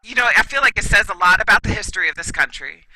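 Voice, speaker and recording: A woman's voice: mid-range voice, lively intonation, quick pace, bright, forceful tone, a little hiss or hum, low-quality recording. A woman talking as a guest expert in a casual podcast conversation, emphatic and often checking in with "right?". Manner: emphatic, repeats "right?" for agreement. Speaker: guest expert, school administrator.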